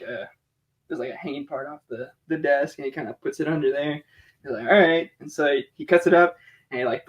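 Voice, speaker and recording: American guy with a pretty high voice, telling a story on a podcast, laughing a lot, swearing, lots of "like". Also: lo-fi sound. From United States. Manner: animated, laughs often, heavy on fillers and swearing. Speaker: podcast guest. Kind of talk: casual storytelling.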